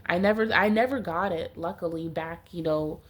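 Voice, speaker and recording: A woman with a blocked nose and a distinctly nasal sound gives a casual tarot reading. Her voice sits a little low. She rambles and fills her talk with "like". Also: normal speed. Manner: rambling, heavy use of "like". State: stuffy nose, congested. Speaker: tarot reader.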